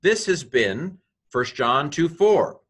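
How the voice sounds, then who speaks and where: A man's voice: on the high side, big pitch swings, slow, breathy edge. A middle-aged man teaching a recorded Greek lesson, spelling out letters one by one and adding dry asides.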